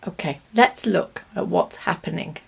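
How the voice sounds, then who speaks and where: A woman with a British accent teaching English pronunciation, speaking slowly and deliberately, stressing each word for learners. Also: lowish voice, vocal fry, breathy edge. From Britain. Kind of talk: language lesson to camera.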